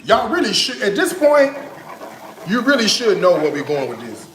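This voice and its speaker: A man hosts a live cooking stream, talking straight to his viewers in a casual, disbelieving way. His slightly high voice swings up and down a lot. The sound bounces around a roomy home kitchen, with a faint hiss behind it. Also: moderate pace. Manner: animated, incredulous, talks to viewers as y'all. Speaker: cooking livestream host. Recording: roomy kitchen echo, faint background noise.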